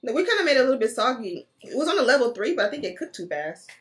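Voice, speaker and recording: A woman's voice: very fast, husky. A woman and mom chatting candidly to her viewers in a casual vlog. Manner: chatty and candid, with lively jumps in pitch. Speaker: vlogger and mom. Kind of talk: casual vlog chat to camera.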